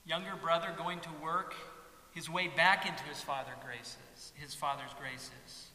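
A preacher gives an animated, storytelling sermon. His voice is very bright and a bit high. It rings with a long echo in a hall, with a faint hiss behind it. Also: normal speed.

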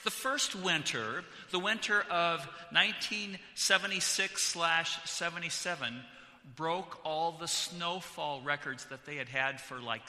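A middle-aged pastor from California, slightly high-voiced and sharp in tone, opens with chatty, joking announcements and many restarts before moving into his sermon. The recording carries the reverb of the church sanctuary.

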